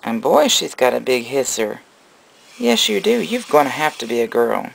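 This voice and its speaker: Gravelly-voiced man cooing over baby snakes. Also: mid-range voice, big pitch swings, normal speed, low-quality recording. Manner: cooing baby talk to animals mixed with plain explanation. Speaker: reptile breeder. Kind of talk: casual vlog narration.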